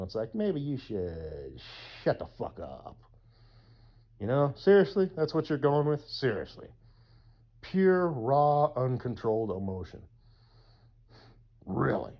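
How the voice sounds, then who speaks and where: Here a medium-pitched man rambles through a casual YouTube monologue, swearing freely and breaking into whoops. The audio is lo-fi and somewhat dull.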